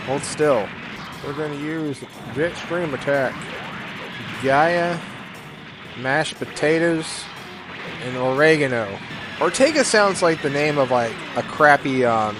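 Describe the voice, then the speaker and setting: A man giving rambling, jokey gameplay commentary, with sudden loud bursts of excitement. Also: medium pitch. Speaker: gaming YouTuber. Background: game music.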